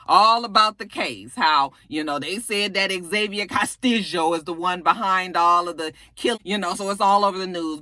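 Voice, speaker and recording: A woman recapping a TV episode in casual, slangy, profane talk, breaking into shrill exasperated outbursts. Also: pushed and bright, no echo. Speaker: TV recap reviewer.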